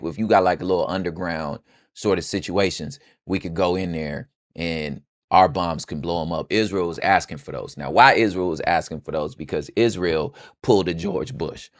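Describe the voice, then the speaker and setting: Young male podcast host, low voice, dry close sound, slangy and joking. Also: dry recording. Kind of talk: comedic political commentary.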